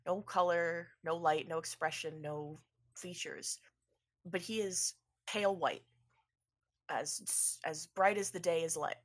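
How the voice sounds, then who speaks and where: A woman's voice: lowish voice, fairly bright tone. A woman narrating a tabletop game as game master, in a rambling, playful way.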